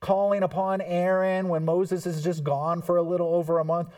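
Male pastor, sermon delivery, mellow tone, slightly high voice, heard from off the mic, moves between quiet and forceful, acts out quotes. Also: normal speed, hardly any pauses, far from the mic. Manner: expressive preaching, swings from hushed to emphatic, acts out quotes.

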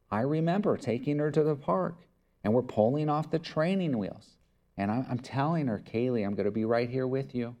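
A pastor preaches to his congregation in an earnest, conversational way, sometimes slipping into quoted back-and-forth dialogue. His voice is warm, mellow and average in pitch.

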